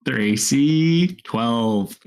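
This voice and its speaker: Male game master, mid-pitched, easygoing, narrating with frequent laughs. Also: very slow, clean tone. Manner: relaxed, laughs often while narrating.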